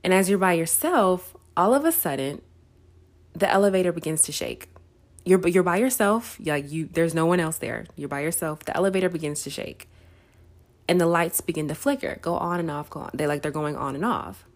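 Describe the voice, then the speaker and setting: Lively storytelling woman, faith podcast. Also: fairly low pitch, brisk. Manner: conversational, storytelling, laughs often, says "right?" a lot. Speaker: podcast host. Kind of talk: casual faith talk.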